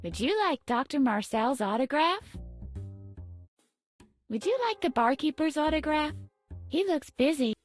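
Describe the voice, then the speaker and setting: A woman's voice: high voice, lively intonation, unhurried, pauses often. A woman voicing a plucky young woman escaping an asylum in a video game, chirpy and offbeat. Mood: playful. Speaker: game protagonist. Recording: game audio with faint music.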